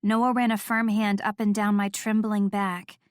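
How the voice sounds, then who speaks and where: A woman reading first-person audiobook narration with steady, intimate storytelling. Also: mid-range voice, measured pace, clear, resonant tone, dry recording, studio quality.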